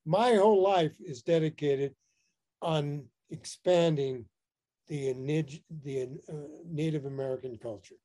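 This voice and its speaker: A man telling a personal story in a casual interview, animated and laughing often as he talks. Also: on the high side, unhurried. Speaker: interview guest.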